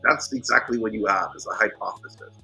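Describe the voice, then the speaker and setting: A man's voice: on the low side, fast, gravelly, breathy edge, soft background music. A man hosting a casual livestream chat, telling stories and acting out other people's voices. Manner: animated storytelling, acts out others' voices. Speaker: host.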